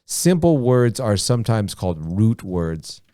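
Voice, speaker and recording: A man teaching a beginner English lesson, speaking slowly and deliberately, repeating words and often saying "okay". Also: lowish voice, sing-song, warm tone, smooth, no room sound. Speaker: ESL teacher.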